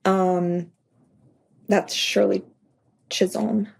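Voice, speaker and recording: Woman, podcast guest author, chatty and anecdotal; gravelly, husky voice. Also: lowish voice, fairly even intonation, extremely slow. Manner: chatty, full of "like", acts out her own anecdotes. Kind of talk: casual podcast interview.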